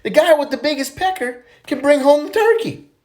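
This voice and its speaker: A man telling dirty jokes, acting out the characters with sudden leaps in his voice. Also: moderate pace. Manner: animated, voices characters with big pitch jumps. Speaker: joke teller.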